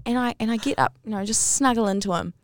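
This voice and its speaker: Woman telling a wild story, animated. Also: a little high, fast talker, a little hiss or hum. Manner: animated storyteller, rising to squeals at punchlines. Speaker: podcast co-host. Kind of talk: casual storytelling chat.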